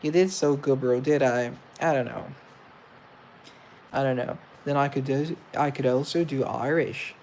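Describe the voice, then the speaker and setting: A man's voice: medium pitch, unhurried, a little mellow, a little hiss or hum, poor audio. A young man chatting casually in a vlog, rambling and making fun of his own efforts at accents. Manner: rambling, self-deprecating. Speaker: vlogger. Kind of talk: casual self-recorded chat.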